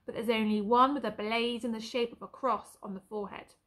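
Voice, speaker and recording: An earnest young male soldier from a storybook, pleading and emotional, his lines pitched a little high. A woman reads him aloud, with urgent feeling in every line. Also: steady tone, a little fast, a bit bright, close to an everyday voice.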